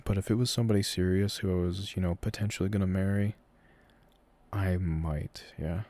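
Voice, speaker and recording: Low, mellow young man chatting casually. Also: a little fast. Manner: relaxed and rambling, answering chat with frequent hedges and fillers. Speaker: audio creator hosting a live Q&A. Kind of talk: casual live-stream chat. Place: room at home.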